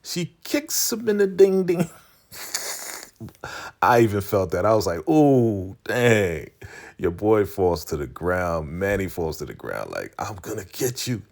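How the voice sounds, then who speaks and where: A man giving a casual, animated TV recap, slangy and laughing often. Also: sits low, measured pace, gravelly. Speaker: vlogger recapping a TV show.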